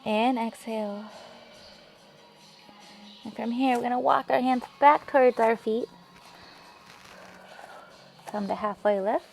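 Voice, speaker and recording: A woman leading a yoga class, giving calm, encouraging cues with soft breathy asides. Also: on the high side, slow pace, pauses often. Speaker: yoga instructor. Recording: music playing faintly behind.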